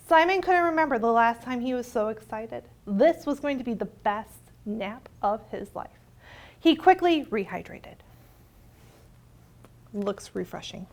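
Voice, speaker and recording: A woman with a fairly high voice reads a picture book to small children, taking her time over every line. She keeps it expressive and sing-song, turning often to her young listeners. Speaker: children's librarian.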